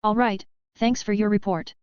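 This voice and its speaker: A woman's voice: medium pitch, fairly even intonation, moderate pace, a little mellow, clean tone, no echo, natural voice. A woman reading the nonchalant lines of an easygoing male council clerk. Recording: dull, lo-fi, dry sound.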